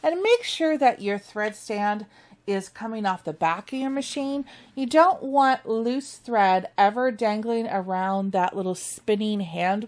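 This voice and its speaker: A woman leading a machine embroidery tutorial, chatty and enthusiastic as she walks viewers through each step. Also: medium pitch. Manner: upbeat, chatty, enthusiastic about stitching. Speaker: sewing instructor.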